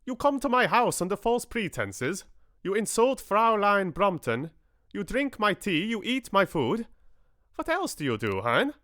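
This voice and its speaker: A man's voice: sits high, very animated, unhurried, pushed and bright, no room sound, studio quality, voice pushed up, exaggerated voice. A man voicing a fat, pompous German vet in a raging fit, with a corny German accent. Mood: spluttering rage. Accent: corny put-on German accent. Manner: spluttering, indignant.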